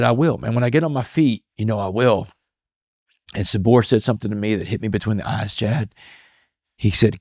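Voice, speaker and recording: A guest motivational speaker from Texas tells stories in a podcast interview, his voice on the low side. His delivery is casual and animated, peppered with "man" as a filler, and the studio recording is clean with no echo.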